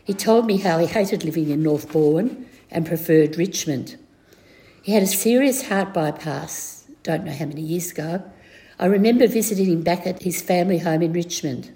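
A woman's voice: lowish voice, normal speed, mellow. An older woman reading a reflective memorial tribute for a school friend.

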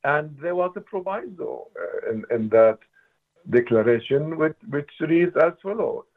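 A man's voice: a little high, expressive, measured pace. A man in his seventies from Palestine, speaking as a guest in a radio interview in an impassioned, emphatic way. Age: 70s. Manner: impassioned, emphatic, occasional restarts. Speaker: interview guest, writer and political analyst. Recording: tinny phone-like radio line.

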